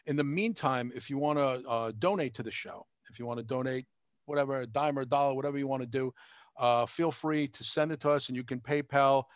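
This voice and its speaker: A man's voice: medium pitch, fast talker, no room sound. A man hosts a casual podcast and talks through plugs at a rambling pace, filling gaps with lots of uh's. His voice sits in an ordinary middle range. The recording is dry and close, with no room sound. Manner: chatty, rambling plugs with many fillers. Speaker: podcast host.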